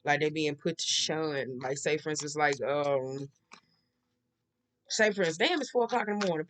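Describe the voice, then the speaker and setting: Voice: mid-range voice, moderate pace, fairly bright tone, slight background noise. A tarot reader giving a casual monthly reading in a blunt, profane, rambling way, repeating the same tics and often checking in with the listener. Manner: blunt and profane, with frequent slang.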